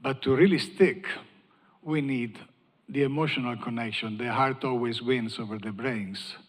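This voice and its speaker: A man's voice: medium pitch, normal speed. Italian-accented man in a reverberant hall. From Italy. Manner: upbeat, self-deprecating and joking. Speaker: panel moderator. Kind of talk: conference panel opening remarks. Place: large conference hall.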